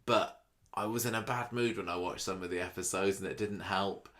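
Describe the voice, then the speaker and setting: A man's voice: low-pitched, fairly even intonation, brisk, a bit bright. Rambling man chatting casually. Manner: rambling, hesitant restarts, teasing. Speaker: podcast co-host. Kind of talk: casual chat.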